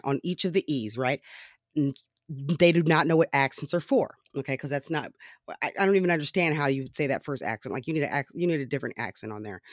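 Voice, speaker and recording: A man's voice: a little high, no room sound, studio quality. Sarcastic, profane man ranting on a podcast. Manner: profane, sarcastic, laughs often; rambling with fillers. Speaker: podcast host. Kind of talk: casual solo political rant.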